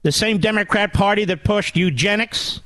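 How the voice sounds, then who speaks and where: A man's voice: high-pitched, moderate pace, a bit bright, no echo. Combative talk-radio man, dry sound. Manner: combative, sarcastic, emphatic. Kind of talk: political talk radio monologue.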